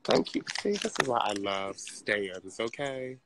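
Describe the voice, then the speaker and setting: A man's voice: lowish voice, sing-song, unhurried, background noise. A man, a drag performer, chatting casually and sassily to viewers on a live stream while shopping in a large craft store, talking into a handheld phone. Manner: chatty, sassy, addresses viewers as y'all.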